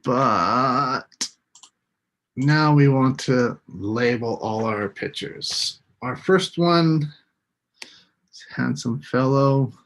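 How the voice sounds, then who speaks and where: A man teaching an English lesson on a live stream, slowly repeating each word for his students. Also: medium pitch, a bit bright. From United States. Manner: slow, deliberate, repeats words for students.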